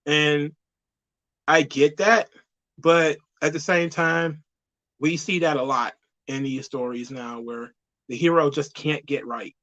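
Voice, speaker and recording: Male reviewer, conversational and opinionated, bright tense tone, muffled low-fi audio. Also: steady tone, slow, long pauses. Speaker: movie reviewer. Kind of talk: casual spoken review.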